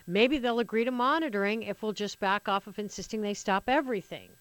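A woman's voice: mid-range voice, brisk, a bit bright, dry recording. A woman hosting a political talk radio show, sarcastic and opinionated, rambling with frequent restarts into a studio microphone.

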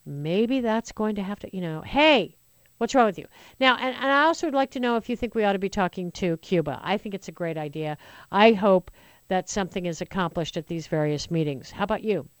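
A woman's voice: mid-range voice, animated, brisk, no room sound. A woman hosting a talk radio show, delivering an opinionated monologue in a chatty, indignant way with sarcastic asides.

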